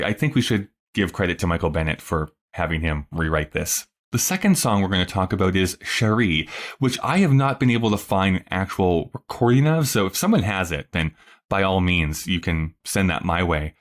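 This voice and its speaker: A young man hosting a podcast, musing casually with lots of fillers. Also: sits low. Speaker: podcast host.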